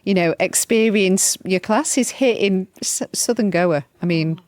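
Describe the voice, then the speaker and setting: A woman's voice: medium pitch, a little slow. A woman podcast host, interviewing a guest and then reading a heartfelt outro. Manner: warm, heartfelt, gushing.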